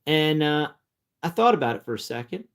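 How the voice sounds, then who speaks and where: A man's voice: on the high side, very animated, fairly quick. A man telling a personal story in a casual, rambling way, often repeating words and restarting sentences. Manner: chatty, breaks off to talk to his cat.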